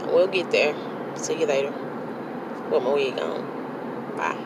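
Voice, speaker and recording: A woman's voice: sits low, sing-song, slow, heavy background noise. A woman vlogging in a blunt, self-motivating way, talking herself up. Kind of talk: casual vlog monologue.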